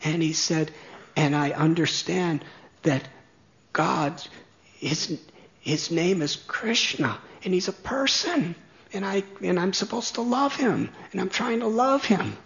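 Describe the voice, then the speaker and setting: A man telling a story slowly, chuckling at his own tale. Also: high voice, vocal fry, fairly bright tone, muffled recording. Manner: slow, chuckling anecdote telling. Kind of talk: storytelling talk.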